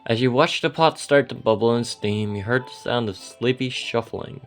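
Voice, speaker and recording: A man giving soft, gentle and unhurried second-person story narration. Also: mid-range voice, soft background music.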